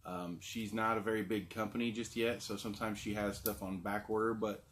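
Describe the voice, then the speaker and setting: Host, male, somewhat low voice, loose rambling vlog chat. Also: flat delivery, a little fast, fairly bright tone, a little hiss or hum. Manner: chatty and rambling, frequent fillers. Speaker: food review show host. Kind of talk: casual vlog talk.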